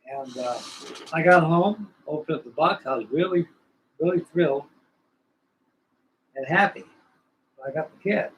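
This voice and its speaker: A man's voice: a little high, unhurried, long pauses, a little hiss or hum, poor audio. An older man in his sixties telling a long, rambling, folksy story while building a model kit, often repeating himself. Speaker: scale model builder hosting a live stream. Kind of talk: casual storytelling chat.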